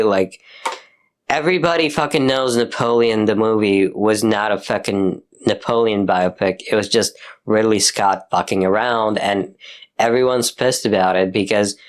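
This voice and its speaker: A young man in casual, profane ranting mode, exasperated and piling on fillers and restarts. His pitch sits in an ordinary middle range, often jumping high when he gets worked up. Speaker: commentator. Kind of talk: casual rant.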